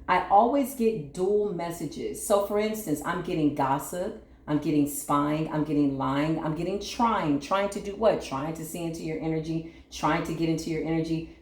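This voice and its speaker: A woman's voice: on the low side, darkish tone, echoey room. A woman giving a tarot reading on her channel, soothing and repetitive, often checking in with "right?". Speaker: tarot reader.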